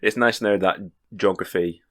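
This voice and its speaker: A man co-hosts a relaxed podcast chat in a very deep voice. He talks freely and teases his co-host. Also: moderate pace. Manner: chatty, teasing. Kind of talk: casual chat.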